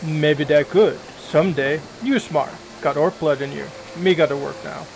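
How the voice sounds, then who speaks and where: A man voicing a downtrodden male orc factory laborer who talks in loud, broken grunts. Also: a little high, normal speed, creaky, noisy background. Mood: glum.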